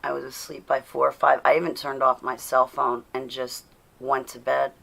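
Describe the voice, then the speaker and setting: Female livestream host, low and raspy-edged voice, casual home chat that calls out viewers. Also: little pitch movement, moderate pace, a bit bright. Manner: chatty, addresses viewers by name, laughs often. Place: indoors at home.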